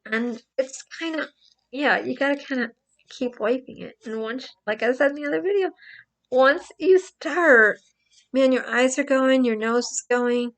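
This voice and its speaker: A woman's voice: fairly high pitch, fairly bright tone. A woman vlogger talking to camera in casual commentary, emphatic and prone to repeating herself for stress.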